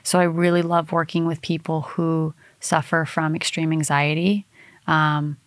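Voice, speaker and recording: A woman's voice: low-pitched, unhurried, dry recording. A woman guest who works in hypnotherapy, chatting casually and telling stories with lots of fillers and restarts. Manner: animated storytelling, many fillers and restarts. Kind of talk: casual conversation.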